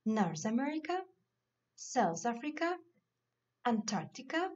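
A woman teacher going slowly through English vocabulary lists of countries and nationalities in a classroom lesson. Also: a little high, sing-song, a little mellow. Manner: reads word lists slowly and deliberately. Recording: dull lo-fi recording.

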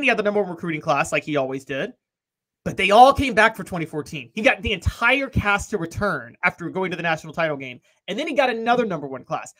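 A man's voice: high voice, a bit bright. A young man co-hosting a sports talk show, making his points in an emphatic, argumentative way.

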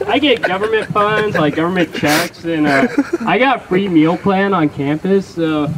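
A young man with a high-pitched voice and a Texan accent does a stand-up set at a comedy venue, speaking at a measured pace. His routine rambles, swears, and is packed with fillers and self-mocking asides, and the audience laughs along in a rough recording.

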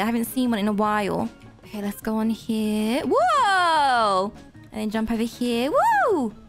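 A high-voiced woman talks through a game as she plays, her pitch bouncing all over. She gasps and squeals at every surprise. Faint game music sits under her voice. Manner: animated, gasping and squealing at surprises. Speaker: gaming video creator. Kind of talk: playing an obby game and narrating.

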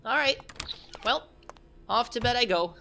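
A young man commenting on a horror game, joking and shouting at the scares. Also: very high voice, animated, a little slow, vocal fry, a little hiss or hum. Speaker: gaming commentator.

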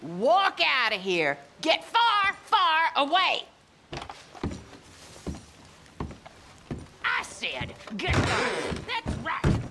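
A woman's voice: high voice, wildly swooping pitch, slow, noisy background, heavily acted. An actress voicing a mean, foul-mouthed old rural grandmother who hurls insults and threats, with a harsh, scolding voice. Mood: scornful. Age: older. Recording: game audio with music behind.

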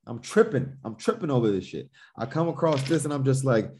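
A musician guest from Newark, New Jersey, chats casually on a podcast, telling loose stories, swearing freely, and acting out how he once reacted. His medium-pitched voice swings widely in pitch, runs a little fast, and sounds slightly mellow, with faint background noise.

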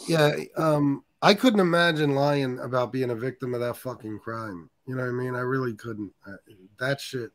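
A man's voice: medium pitch, moderate pace. A man calling into a casual live-stream chat over a video call, talking emphatically and cursing. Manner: profane, emphatic asides.

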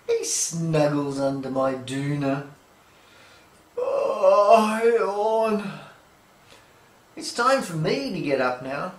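A woman's voice: deep voice, expressive, unhurried, distant mic. A woman reading a children's picture book aloud, playfully imitating animal sounds. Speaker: storybook reader. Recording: echoey room.

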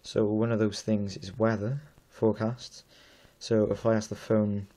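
A man's voice: lowish voice, flat delivery, a little slow, hardly any pauses, warm tone. A young man in his late teens with a Welsh accent, casually demoing an app he built at home, rambling and self-deprecating. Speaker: app developer giving a demo. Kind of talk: casual demo talk.

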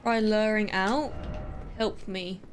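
A woman streaming a game live, excitable and talking to her chat, swearing and laughing often as she plays. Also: medium pitch, slow, a little hiss or hum. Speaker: gaming streamer. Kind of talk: live let's-play commentary.

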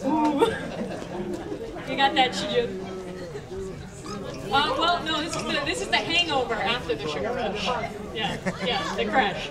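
A woman hosting a convention panel, talking to the crowd in a playful, animated way, often laughing. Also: high voice, unhurried, long pauses. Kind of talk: live panel commentary to an audience. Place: convention panel room with audience. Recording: distant camera, crowd noise.

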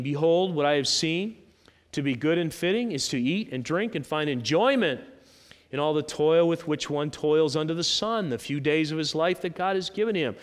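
A male pastor preaching a sermon, animated and emphatic, with sudden rises and drops. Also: a little high. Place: church sanctuary. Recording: long church hall reverb.

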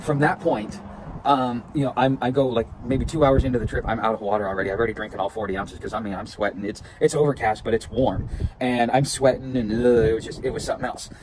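A man telling a rambling, animated story about his hike in a casual outdoor vlog with lots of restarts. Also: medium pitch, fast. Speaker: vlogger. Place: outdoors at a campsite. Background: wind and outdoor ambience.

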